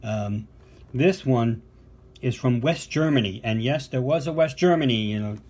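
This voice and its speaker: A man's voice: mid-range voice, moderate pace, darkish tone. An older American man, a podcast co-host and vinyl collector, talking casually and enthusiastically through a box of records with fillers and asides. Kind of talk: casual unboxing show-and-tell.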